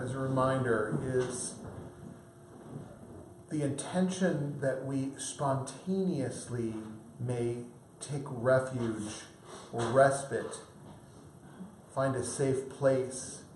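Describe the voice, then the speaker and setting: A man leading a Buddhist service, explaining the refuge prayer in a calm, measured way. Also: mid-range voice. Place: meditation room at a Buddhist center. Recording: echoey room, faint background hiss.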